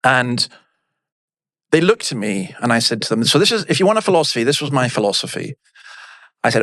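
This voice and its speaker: A man's voice: mid-range voice, fairly quick, pauses often, no room sound, studio quality. A middle-aged man, a minister telling blunt, emphatic stories as a podcast guest. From Scotland. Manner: lively anecdotal storyteller, blunt and emphatic. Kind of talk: storytelling in a podcast interview.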